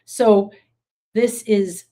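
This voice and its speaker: A woman teaching a class on emotions and tapping, casual and animated, acting out feelings in quick quoted outbursts. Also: mid-range voice.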